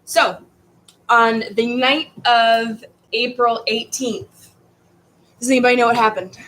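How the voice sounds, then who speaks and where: A woman's voice: on the high side, steady tone, slow pace, fairly bright tone, low-quality recording. A woman teaching a history class in a casual, rambling way, stumbling over words and restarting.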